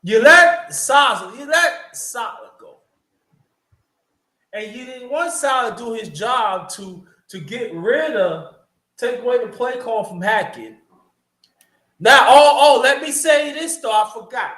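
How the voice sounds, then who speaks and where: Animated high-pitched man, roomy sound. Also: unhurried. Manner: animated, swearing, trailing restarts. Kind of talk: casual football chat.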